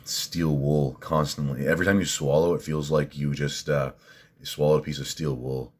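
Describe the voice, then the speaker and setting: A man ranting on a livestream while reading viewer comments, cursing, bursting into loud outrage and then muttering. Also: very deep voice. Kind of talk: profane ranting livestream chat.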